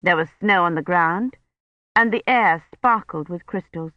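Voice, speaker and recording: A man narrating a novel as an audiobook in a measured storytelling delivery. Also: high voice, no echo, highs cut off. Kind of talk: scripted narration.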